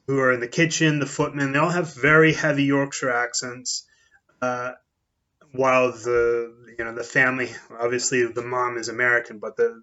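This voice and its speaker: A man talks through a book review in a loose, conversational way, thinking aloud as he goes. His voice has a bright, forceful edge and a mid-range pitch. The recording sounds a little dull and lo-fi. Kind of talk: casual spoken book review.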